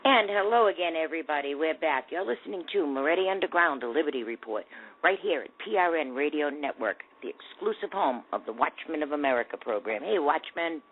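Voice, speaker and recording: A woman's voice: deep voice, expressive, brisk. A woman hosting a talk radio show, giving indignant, sarcastic commentary. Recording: tinny phone-like audio.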